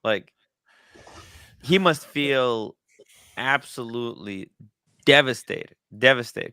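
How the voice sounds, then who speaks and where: A man's voice: fairly low pitch, moderate pace, pushed and bright, clear, resonant tone, dry recording, studio quality. A man hosting a casual livestream chat about watches, rambling with many fillers and restarts. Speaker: watch podcast host. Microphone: studio mic.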